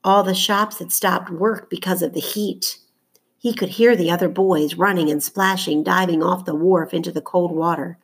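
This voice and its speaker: A woman narrating a children's novel aloud in a measured, steady storytelling voice. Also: lowish voice, breathy edge. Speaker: audiobook narrator.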